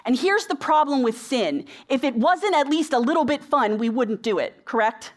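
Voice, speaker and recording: A woman's voice: sits high, lively intonation, normal speed. A woman preaching a sermon in a conversational, storytelling way, asking the congregation rhetorical questions.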